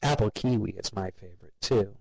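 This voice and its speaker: Glum mumbly young guy, low and quiet, dry close mic, a man reading it. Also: fairly quick, creaky, slightly rough, no room sound, rough recording. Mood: forced politeness. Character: weary, appalled young man, muttering.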